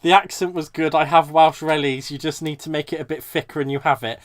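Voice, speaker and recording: A man's voice: a little high, fairly even intonation, a little fast, a little hiss or hum. A man hosting a live crafting stream, chatting casually and laughing at himself as he works. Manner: chatty, self-mocking, laughs often.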